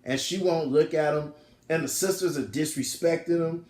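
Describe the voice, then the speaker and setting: A man casually recapping a film plot in animated storytelling style, full of slang. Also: a little high, moderate pace. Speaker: film reviewer. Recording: roomy echo.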